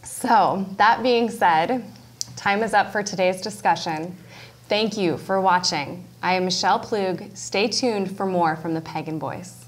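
A woman hosting a news show, reading scripted stories in a steady, earnest way. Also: medium pitch, measured pace.

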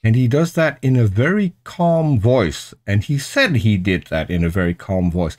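A man with a somewhat low voice hosts a casual online panel discussion. He is earnest and thoughtful, picking his words slowly and often restarting mid-sentence. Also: expressive, a little mellow. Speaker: host.

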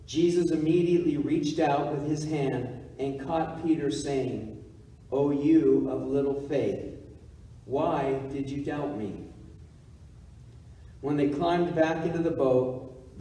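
Man reading scripture at mass, slow and dark-toned, distant mic in an echoey church. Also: fairly high pitch. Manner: slow, measured proclamation. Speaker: deacon reading the gospel. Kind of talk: liturgical gospel reading. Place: church sanctuary.

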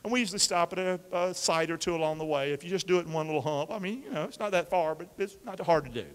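In a church sanctuary with long, large-hall reverb, a male pastor with a high, fast voice delivers an animated call-and-response sermon to his congregation. Energetic, he coaxes them to repeat his lines and uses football pep-talk imagery.

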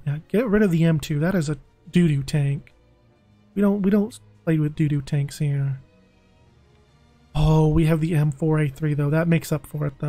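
A young man streaming a video game, talking casually and excitably, pleading with the game and groaning dramatically over a loss. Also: on the high side, no room sound. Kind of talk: casual live-stream commentary.

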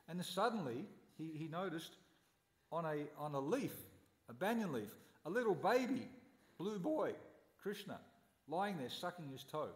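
A man's voice: on the high side, roomy sound, long reverb tail. A man giving a scripture class at a temple, telling stories animatedly and posing rhetorical questions. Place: temple hall.

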